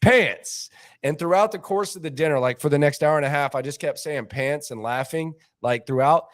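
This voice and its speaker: Animated man telling a story. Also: fairly high pitch, brisk. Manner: animated, mimics people he quotes, repeats words for laughs. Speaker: sports show host. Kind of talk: casual storytelling.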